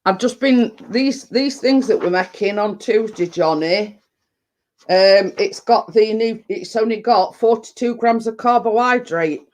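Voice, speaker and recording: A woman's voice: a little high, measured pace, a little mellow. A woman hosting a live stream, chatting in a rambling way and laughing often. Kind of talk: casual chat.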